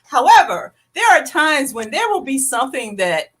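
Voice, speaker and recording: Woman, New York accent, high voice, very animated, bright sharp tone, chatty, coughing. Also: normal speed. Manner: chatty storyteller, laughs often. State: coughing, throat irritated. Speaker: co-host. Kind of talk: casual sports talk show chat.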